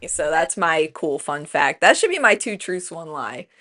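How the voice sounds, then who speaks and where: A woman's voice: low-pitched, very animated, normal speed, bright, forceful tone. Chatty giggly woman co-hosting. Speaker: podcast co-host. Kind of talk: casual chat.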